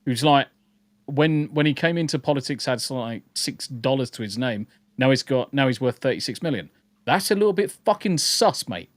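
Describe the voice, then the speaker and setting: A man's voice: mid-range voice, animated, normal speed, dry recording. Sweary blunt man ranting. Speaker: podcast host. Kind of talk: casual podcast chat reading live chat.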